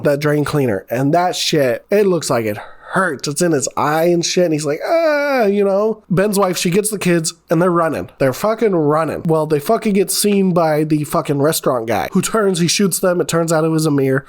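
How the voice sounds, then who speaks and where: A man's voice: a little high, a little mellow. A man casually recapping a horror movie plot, rambling and swearing often, tagging lines with "right?" and "like". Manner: profane, rambling, frequent "right?" and "like". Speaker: movie reviewer.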